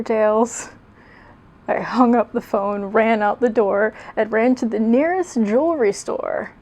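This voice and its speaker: A woman's voice: medium pitch, gravelly, darkish tone. A young woman reading her old fan fiction aloud, mocking it with sarcastic, self-deprecating asides and laughing at herself. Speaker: video creator.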